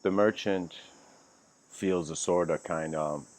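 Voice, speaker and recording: A man's voice: low voice, sharp tone. A man giving a casual livestreamed spiritual lecture, telling a story in a rambling way with many fillers and restarts. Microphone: home livestream mic.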